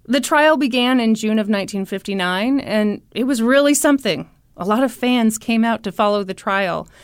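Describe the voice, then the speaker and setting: A woman co-hosting a podcast, telling a story in casual chat with a playful, animated manner. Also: on the high side, moderate pace, smooth, dry recording, studio quality. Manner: animated, playful, breaks into laughter. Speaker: podcast co-host.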